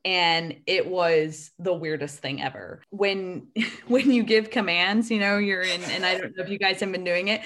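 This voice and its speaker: A woman's voice: on the low side, normal speed, fairly bright tone. A woman in her thirties with an American accent, an Air Force officer telling stories with laughter as a podcast guest. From grew up in the UK. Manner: chatty, laughing storyteller. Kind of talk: casual podcast interview.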